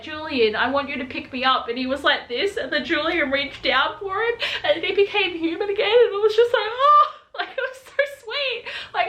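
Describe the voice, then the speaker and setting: A young woman giving a casual spoiler book review, gushing and excitable, sometimes acting out sassy lines. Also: fairly high pitch. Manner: gushing, excitable, acts out quotes in sassy voices. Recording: echoey room.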